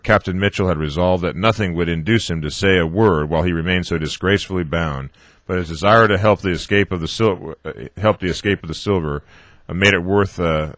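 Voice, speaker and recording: A man's voice: sits low, a bit bright, dry recording. A man reading a novel aloud on a radio show, stumbling often and correcting himself. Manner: halting, with frequent restarts and filler sounds. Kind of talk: audiobook-style reading.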